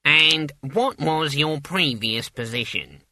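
A prim young clerk, put on by a male narrator speaks in a bright, sharp voice with a lively, bouncing pitch. He sounds officious and a little fussy. The sound is dry. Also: slow, dry recording, full character voice.

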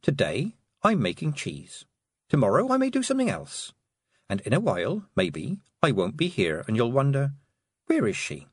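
A man voicing a calm, firm young girl witch who speaks in a measured way. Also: mid-range voice, slightly rough, dry recording, clean studio sound, voice pushed up.

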